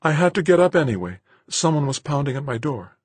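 A weary, curt young woman doctor, roused from sleep and short with her visitor, as a male narrator voices her. The voice is pitched well up, a little husky, and sounds close and dry. It has the feel of a read-aloud story. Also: big pitch swings, normal speed, no echo. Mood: weary, terse.

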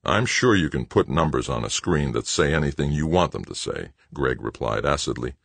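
A man's voice: a bass voice, very animated, moderate pace, vocal fry, fairly bright tone, husky, dry recording, heavily acted. A man reading an audiobook and voicing a stern, impatient male base director who talks sharply and dismissively. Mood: scornful. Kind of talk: audiobook character voice.

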